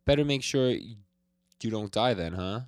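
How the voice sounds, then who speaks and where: A man's voice: lowish voice, lively intonation, moderate pace, darkish tone, no echo, clean studio sound, voice pushed up. A man voicing a cheerful female assassin with a laughing, teasing manner while recapping a comic.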